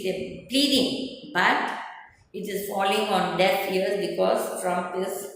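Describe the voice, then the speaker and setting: A woman's voice: mid-range voice, slow, a bit bright, a little hiss or hum. Woman, indignant political commentator; echoey hall recording. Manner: indignant, rising and falling emphasis. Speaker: advocate and party spokesperson. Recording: echoey hall with faint ambience.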